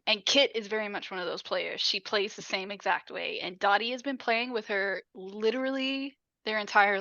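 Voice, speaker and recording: A woman's voice: mid-range voice, bright, forceful tone, no room sound, lo-fi sound. A woman co-hosting a podcast, casually explaining baseball details about a movie and swearing now and then. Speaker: podcast co-host. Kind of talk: casual movie recap chat.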